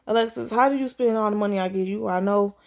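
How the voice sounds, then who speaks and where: A woman reading the lines of an annoyed grown man arguing about money, in a flat read-aloud delivery. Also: mid-range voice, quick pace, natural voice.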